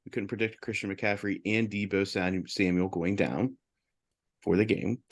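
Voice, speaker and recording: A man co-hosting a sports betting podcast, casually running through wins and losses in quick upbeat bursts. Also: fairly low pitch, steady tone. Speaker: podcast co-host reading betting results.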